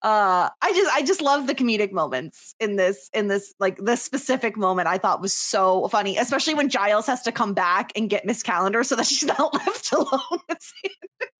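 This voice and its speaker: A woman with a mid-range voice, speaking a little fast, co-hosts a podcast and recaps scenes in casual chat. She's animated and laughs often.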